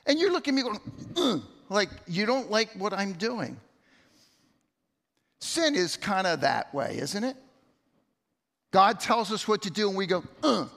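A high, creaky, bright voice with a forceful tone comes from a middle-aged man preaching as pastor. He speaks conversationally, repeating words and telling stories, in a church sanctuary where long hall reverb lingers.

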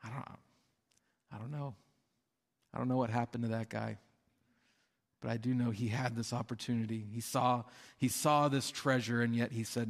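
Conversational pastor in a reverberant hall. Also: male voice, medium pitch, fairly even intonation, moderate pace, gravelly, pauses often. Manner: conversational, with fillers and acted-out quotes. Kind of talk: sermon.

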